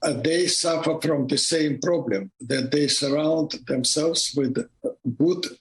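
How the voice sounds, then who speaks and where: A man with a Russian accent, a former diplomat speaking in an interview clip, halting with many restarts. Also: fairly high pitch, low-quality recording. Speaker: former foreign minister, interview guest. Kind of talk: interview clip played on radio.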